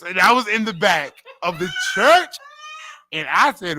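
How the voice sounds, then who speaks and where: A man's voice: high voice, expressive, unhurried, sharp tone, no echo. A man from Western New York hosting a casual radio talk show, telling stories animatedly and laughing often. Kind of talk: casual chat.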